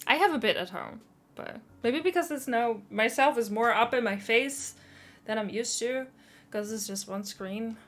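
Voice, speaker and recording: A woman's voice: a little high, normal speed. A woman streaming live, chatting casually and self-consciously while reading chat.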